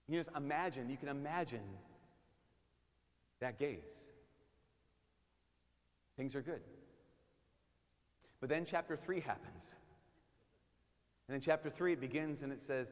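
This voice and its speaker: A man preaching a sermon as a priest, casual and animated, sometimes dropping to a hush for emphasis. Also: a little high, moderate pace, pauses often. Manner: conversational and animated, drops to hushed tones for emphasis. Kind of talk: sermon at a parish mission. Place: church. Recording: long reverb of a church hall.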